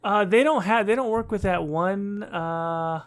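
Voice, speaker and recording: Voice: medium pitch, unhurried. A podcast co-host in a casual gaming chat, musing aloud with a wry edge.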